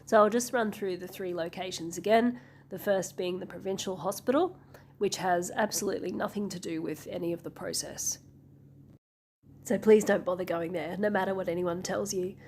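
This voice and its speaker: A woman's voice: medium pitch, normal speed, a little mellow, slight background noise. Woman travel vlogger, voice a bit sick, practical and wry. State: sick-sounding voice. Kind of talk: informative travel vlog.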